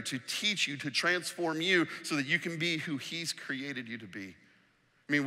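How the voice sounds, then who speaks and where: A man preaching a sermon as pastor, expressive, dropping to a hushed voice to stress key words. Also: fairly high pitch. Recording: long hall reverb.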